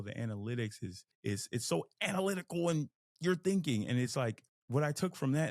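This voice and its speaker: A young man talks through a motivational podcast monologue, emphatic and animated, often acting out the voices in his head. His voice has a gravelly edge at a middling pitch. The sound is close and dry. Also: dry recording. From Fort Worth, Texas. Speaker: podcast host.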